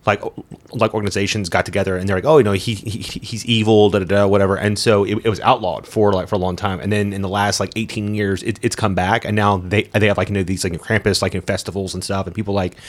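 A man's voice: on the low side, level tone, quick pace. A man co-hosting a casual podcast, joking, swearing freely and restarting his sentences. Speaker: podcast co-host. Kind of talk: casual chat.

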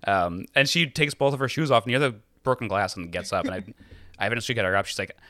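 A man's voice: on the low side, fast talker, no echo, studio quality. A man co-hosting a podcast, telling a story in casual chat and cracking jokes. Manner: animated, joking. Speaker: podcast co-host.

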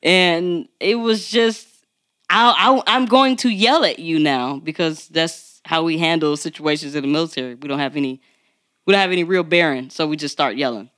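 A woman co-hosting a podcast in casual chat, animated and laughing often. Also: moderate pace. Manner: animated, laughing often, jumps to very high pitch. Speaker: podcast co-host.

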